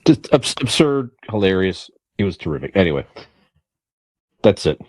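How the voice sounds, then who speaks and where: A man's voice: low voice, very animated, normal speed, dry recording. A man co-hosting a podcast in casual chat, enthusiastic and rambling with restarts. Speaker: podcast co-host.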